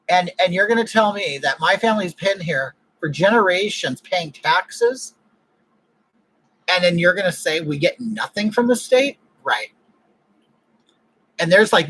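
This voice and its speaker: A man's voice: sits high, bright, forceful tone, slightly rough, no room sound, rough recording. A man from California hosting a casual livestream chat, ranting bluntly with strong opinions. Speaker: livestream host.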